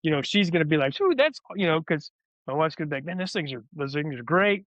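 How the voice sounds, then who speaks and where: A man talks fast and candidly, looping back over his words as he tells a personal story. His voice sits a little high for a man. The audio is dull and lo-fi. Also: fairly bright tone, no echo. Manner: rambling, repeats words as he restarts. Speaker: guest, former soldier turned wellness advocate.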